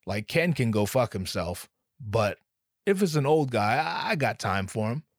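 A comedian with a mid-range voice tells a funny story, recorded dry with clean studio sound. He rambles casually, swears frequently, trips over his words, and keeps interrupting himself.

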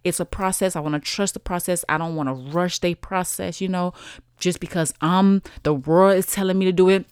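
A woman's voice: lowish voice, steady tone, brisk, a little mellow, clean tone, dry recording, studio quality. A woman in her thirties hosting a solo podcast, chatting in an encouraging way and talking straight to her listeners. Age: 30s. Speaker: podcast host. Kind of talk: casual solo podcast talk.

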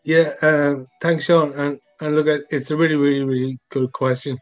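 A man's voice: a little high, level tone, normal speed, soft background music. A man, a sound designer, talking in a chatty way full of fillers and asides in a podcast interview. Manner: chatty, many fillers, asks for agreement.

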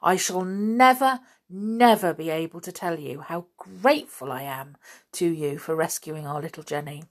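A woman's voice: on the low side, moderate pace, close to an everyday voice. A woman voicing a grateful, earnest father in a storybook reading. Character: grateful, hearty wealthy father.

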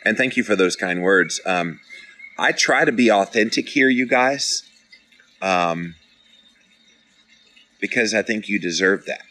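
A middle-aged man hosts a casual motivational podcast, earnestly encouraging listeners and reading out their live comments with playful drama. His lowish voice is animated, bright and forceful, and he speaks unhurriedly with frequent pauses. The recording is rough.

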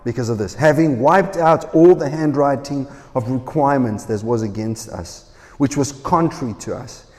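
A man preaching a sermon, telling a story with lively, acted-out quoted voices. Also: medium pitch, moderate pace, in a large hall.

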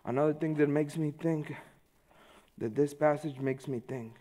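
Guy preaching, high voice, chatty sermon, lots of you know, gets loud then quiet. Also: fairly even intonation, normal speed. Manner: informal, peppered with "you know", swings between loud and hushed. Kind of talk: conversational sermon.

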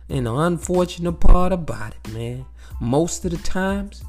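A man's voice: sits high, unhurried, faint music behind. A man in a casual, profane monologue, talking straight to his listeners and circling back to the same phrases. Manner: animated, repetitive, peppered with "you know what I'm saying". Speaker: vlogger sharing life views.

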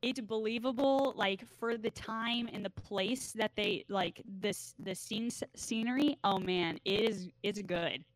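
A woman's voice: medium pitch, unhurried, few pauses, no room sound, low-quality recording. A woman co-hosting a casual podcast, talking with frequent ums and hesitant restarts. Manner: hesitant, many ums, enthusiastic. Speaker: podcast co-host.

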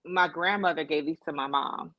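Woman, co-host, animated storyteller, lowish voice, dry dull recording. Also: normal speed, no room sound. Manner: animated storytelling with acted-out quotes. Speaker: podcast co-host. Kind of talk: casual chat.

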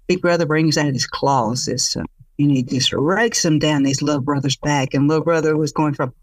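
A woman storyteller telling a traditional tale in an expressive, conversational way, laughing along with it. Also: sits low, fairly quick, no room sound, recorded from a distance.

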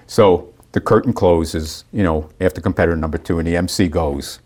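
A man casually telling a long, animated story and acting out the people in it. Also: low voice, normal speed. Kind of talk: casual anecdote.

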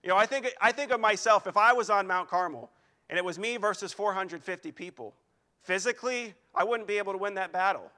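A young man preaching at a youth service, reading scripture aloud and telling animated personal stories. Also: high-pitched, fairly quick. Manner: animated storytelling that mimics crowds.

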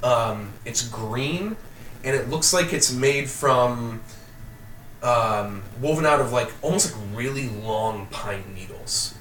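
A man's voice: medium pitch, slow pace, a bit bright, a little hiss or hum. A man running a tabletop game as game master, narrating casually with many fillers, recorded in a roomy space. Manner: rambling, full of fillers. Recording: roomy echo, distant mic.

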